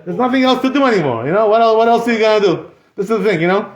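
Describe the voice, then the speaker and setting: Fast-talking animated male rabbi. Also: high-pitched. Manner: animated, joking, rhetorical questions. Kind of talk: Torah class. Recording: echoey room, slightly dull.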